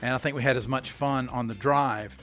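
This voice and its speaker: A male guest with a mid-range voice answers briefly and quietly. Faint music plays behind him. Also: medium pitch, fairly even intonation, fairly quick. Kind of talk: casual chat.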